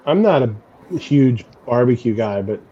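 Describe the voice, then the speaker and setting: A man's voice: medium pitch, lively intonation, unhurried, dark tone, breathy edge. A man who cooks at a restaurant, chatting casually and rambling with many fillers. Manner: rambling, hedges with lots of fillers. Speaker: restaurant cook. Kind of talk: casual chat. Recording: muffled lo-fi line with faint noise.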